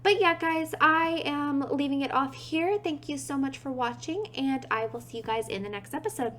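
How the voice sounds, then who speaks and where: A woman's voice: sits high, normal speed, fairly bright tone, slight background noise. A woman giving casual gameplay commentary, chatty and giggly, talking to her game characters and her viewers. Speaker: gaming video creator.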